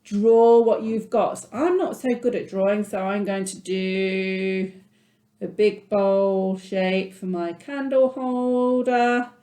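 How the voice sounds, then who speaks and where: A patient, encouraging woman teaches a music lesson to children over video, explaining each step as she draws. Her voice sits at a middle pitch. The room around her has a noticeable echo. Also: fairly even intonation, slow, mellow. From England. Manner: encouraging, patient, talks through her drawing. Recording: echoey room.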